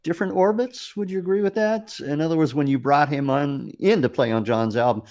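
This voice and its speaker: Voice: medium pitch, brisk, a little mellow. A host interviewing a musician in a casual chat, laughing often and giving brief backchannels.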